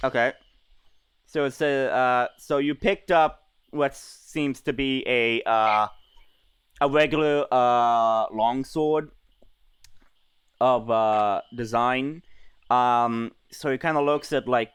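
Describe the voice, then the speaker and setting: A man's voice: mid-range voice, slow pace, a bit bright, clear, resonant tone, no echo. A man running a tabletop game as game master, talking in a hesitant way with many fillers and restarts.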